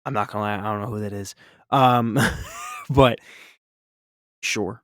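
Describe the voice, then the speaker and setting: A man's voice: on the low side, fairly even intonation, measured pace, no room sound, studio quality. A man painting on a live stream, chatting casually and reacting to chat in an upbeat, rambling way.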